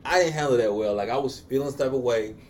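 A man's voice: medium pitch, quick pace, darkish tone, a little hiss or hum. A man co-hosting a casual podcast with his partner, talking in a laid-back, slangy way and drawing out words for emphasis. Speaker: podcast co-host. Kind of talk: casual couple chat.

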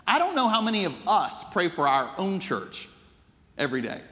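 Male pastor, high bright voice, earnest storytelling sermon, long church reverb. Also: sing-song, normal speed.

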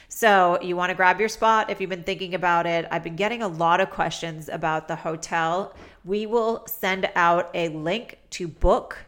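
A woman's voice: on the low side, fairly bright tone. A woman hosting her own podcast, talking in a chatty, upbeat and promotional way. She has a head cold that makes her voice nasal. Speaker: podcast host. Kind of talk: casual solo podcast talk.

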